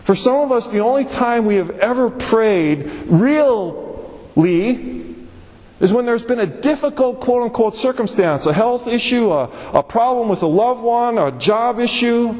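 A man preaching from the pulpit in a high, emphatic voice, slowing down to stress each scripture phrase. His words ring out with a long reverb from the large hall around him. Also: lively intonation, darkish tone. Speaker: pastor. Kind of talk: sermon.

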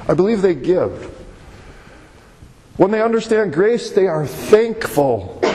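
A man's voice: on the high side, a little mellow. A man preaching a sermon as pastor, with an emphatic, repetitive cadence. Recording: long hall reverb.

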